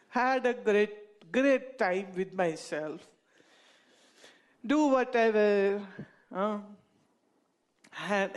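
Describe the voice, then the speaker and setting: An Indian woman recounts anecdotes in an unhurried, measured delivery. Her tone is playful and amused, and she often laughs at her own tales. Her voice sits at a middling pitch. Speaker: speaker telling stories to an audience. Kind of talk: anecdotal storytelling talk.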